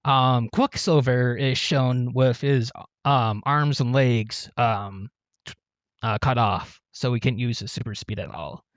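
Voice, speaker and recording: A man's voice: mid-range voice, slow pace, no room sound. A man hosting a casual talk about comics, recapping plots with many ums and restarts. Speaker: podcast host. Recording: dull, dry lo-fi sound.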